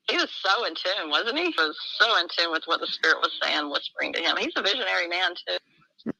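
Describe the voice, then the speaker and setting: A woman's voice: mid-range voice, animated, brisk, vocal fry, bright, forceful tone, no echo, low-quality recording. A middle-aged woman in an emotional personal conversation, talking fervently and acting out dialogue with big swings in her voice.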